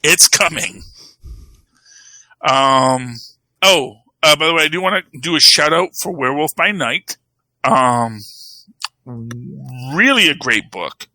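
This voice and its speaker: A man's voice: medium pitch, expressive, unhurried, sharp tone, no echo, poor audio. A man co-hosting a podcast, talking comics in a rambling, casual way full of "you know" and "um". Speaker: podcast co-host. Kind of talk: casual chat about comics.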